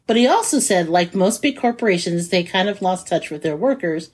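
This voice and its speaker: A woman's voice: fairly low pitch, lively intonation, fairly quick, darkish tone, slightly rough. A woman co-hosting a podcast, laughing easily in casual chat and recapping a news story for her co-host.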